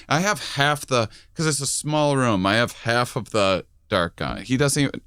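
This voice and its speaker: A man's voice: medium pitch, normal speed, hardly any pauses, a bit bright, smooth, dry recording, studio quality. A man co-hosting a podcast, telling a long comic anecdote and often laughing through it. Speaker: podcast co-host. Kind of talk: comedic storytelling.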